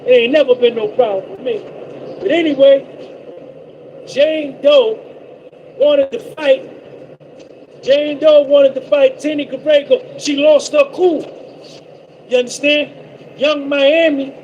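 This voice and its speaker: A man's voice: extremely high pitch, fairly even intonation, slow, pauses often, lo-fi sound, a little hiss or hum. A man from North Jersey with a New Jersey accent, boasting and repeating himself in a casual live-stream monologue. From North Jersey, USA. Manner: boastful, repetitive, giving shout-outs. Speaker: trucker livestream host.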